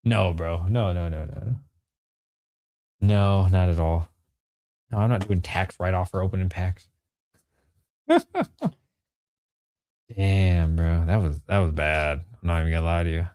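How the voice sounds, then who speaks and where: A man in his thirties talks loosely and jokingly to his live chat, full of slang. His voice sits a bit low. The sound is dry and close, with no room echo. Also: fairly even intonation, moderate pace, a little mellow. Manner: laid-back slangy talk, frequent "bro" and laughter. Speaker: streamer selling and opening trading cards. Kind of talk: casual live-stream chat.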